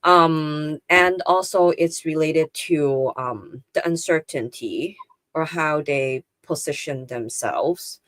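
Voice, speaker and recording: A woman speaking as an interview guest, thoughtful and measured, with frequent fillers. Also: deep voice, a bit bright, dry recording. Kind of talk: casual conversational interview.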